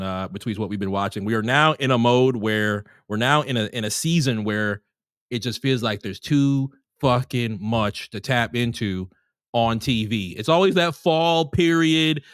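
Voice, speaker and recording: A man's voice: on the high side, fairly bright tone, smooth, no echo, studio quality. A man co-hosting a casual sports podcast, rambling with restarts and fillers and swearing casually. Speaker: podcast co-host.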